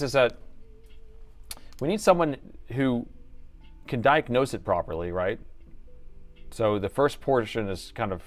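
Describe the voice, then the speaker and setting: Middle-aged man rambling while repairing laptops. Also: medium pitch. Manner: rambling and joking, thinks aloud, slips into an announcer voice. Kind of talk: casual live-stream chat while repairing.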